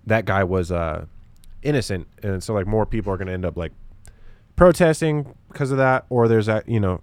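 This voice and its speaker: A man's voice: fairly low pitch, a little mellow, no room sound. A young man talking in a rambling, profane way with lots of fillers, hosting a casual solo podcast.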